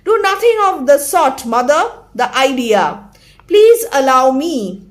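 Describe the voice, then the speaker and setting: A woman reading the lines of a haughty young upper-class daughter, sharp and disdainful. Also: sits high, very animated, measured pace.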